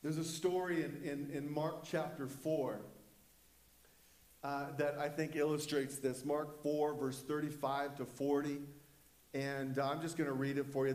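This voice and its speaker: High-voiced, impassioned preacher, slow and emphatic. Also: male voice, a little mellow, roomy sound. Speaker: pastor. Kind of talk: sermon. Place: church.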